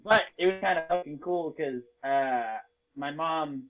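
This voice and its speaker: A man from Las Vegas telling a story in a casual chat, swearing freely, joking and getting animated. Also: fairly high pitch, measured pace, soft background music. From Las Vegas, United States. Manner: profane, jokey and animated. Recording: tinny phone-like sound.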